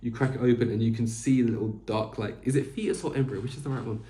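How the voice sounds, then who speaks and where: A man's voice: mid-range voice, fairly even intonation, fast talker, dark tone. A young man hosting a podcast alone, rambling casually with lots of fillers and restarts. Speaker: podcast host. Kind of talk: casual solo chat. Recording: echoey room.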